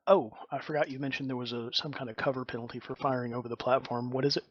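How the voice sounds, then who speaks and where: A man with a husky voice talks fast as he asks about the rules during a tabletop game. His mic sounds dull and lo-fi. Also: medium pitch, fairly even intonation. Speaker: player. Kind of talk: casual table talk.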